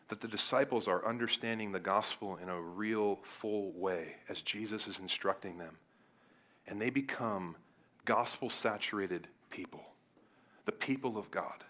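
A man preaching a sermon as pastor, talking straight to the congregation and swinging from loud emphatic peaks down to low, quiet stretches. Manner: animated, rises to loud emphatic peaks then drops low; addresses congregation directly with "guys" and "right?".

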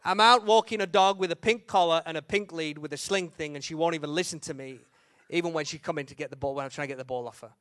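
A young man delivers a comic sermon story, acting out his own thoughts and calling out loudly at moments. His voice sits fairly high for a man and the sound is dry and close, with no room echo. He talks with playful self-mockery and quick bursts of energy. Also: clear, resonant tone. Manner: humorous, animated, shouts and acts out quotes. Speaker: preacher.

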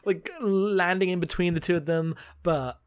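A man's voice: sits high, no echo, clean studio sound. A man co-hosting a casual podcast, chatting and laughing as he recaps a comic book. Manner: chatty, laughing, reads lines in quick voices. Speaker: podcast co-host.

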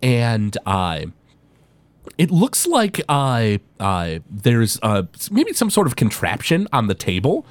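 A man's voice: medium pitch, wildly swooping pitch, takes it slowly, dry recording. A man running a tabletop game as game master, narrating with many hesitant fillers.

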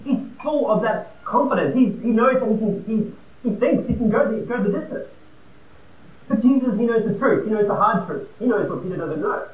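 A man preaching a sermon, emphatic and conversational, swinging between loud and quiet. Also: high voice, expressive, moderate pace, slight background noise. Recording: roomy and distant with faint ambience.

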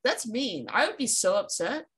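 Woman cohost, kinda high voice that bounces around a lot, blunt, swears a bunch, recapping a cartoon on a call. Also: normal speed. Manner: blunt, swears casually, animated. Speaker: podcast co-host. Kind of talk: casual cartoon recap chat. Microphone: video call.

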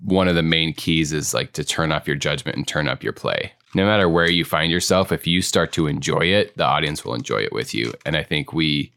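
A man's voice: extremely low pitch, fairly quick, pushed and bright, no echo, studio quality. A man co-hosting a podcast, reflecting self-critically on a past improv show with many casual fillers. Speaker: co-host, improv performer.

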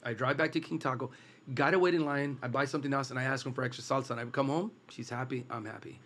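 A man's voice: mid-range voice, fairly even intonation, fast, fairly bright tone. Chatty man telling stories. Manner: storytelling, restarts often. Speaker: taco business owner guest. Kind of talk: casual chat.

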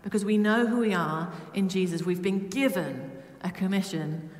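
A woman from Britain preaching a lively, humorous sermon to her church. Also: mid-range voice, normal speed. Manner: humming song snippets. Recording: echoey church with long reverb.

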